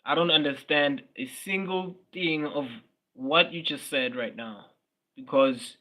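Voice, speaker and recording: A man's voice: fairly high pitch, a little slow, bright, forceful tone. A young South African man, a Swati speaker, chatting casually on a livestream, blunt and slangy, often repeating his words and answering viewers' comments. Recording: dull lo-fi stream audio.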